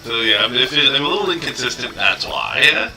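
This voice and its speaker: A man's voice: medium pitch, expressive, fairly quick, pushed and bright, faint music behind. A man streaming a video game, giving casual commentary in an offhand way on a distorted built-in webcam mic. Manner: offhand, self-correcting.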